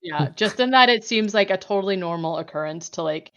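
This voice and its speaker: In a casual movie recap chat, a woman podcast host runs through a horror film fairly quickly in an expressive, mid-range voice with a fairly bright tone. The recording's highs are cut off, and her talk is loose, full of "like" and frequent laughter.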